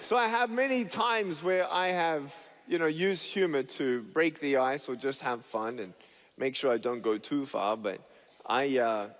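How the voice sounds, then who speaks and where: A man's voice: mid-range voice, unhurried, fairly bright tone, in a large hall. A man giving a humorous speech to an audience, telling stories playfully and acting out scenes, with many fillers and restarts. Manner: playful storyteller who acts out scenes. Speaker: public speaker.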